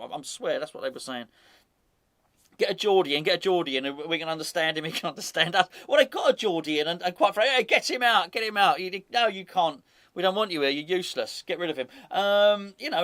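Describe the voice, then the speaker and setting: A man with a fairly high voice chats about football as a show host. He rambles in an animated, off-the-cuff way and keeps circling back to repeat his points. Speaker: podcast host. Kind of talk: casual football chat.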